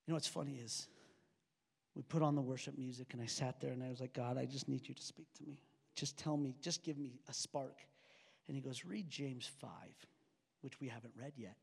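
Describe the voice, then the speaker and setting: A man preaching a sermon as pastor of his church, animated and conversational, full of rhetorical questions and asides to the congregation. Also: medium pitch, brisk, gravelly, husky, in a large hall. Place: church auditorium stage.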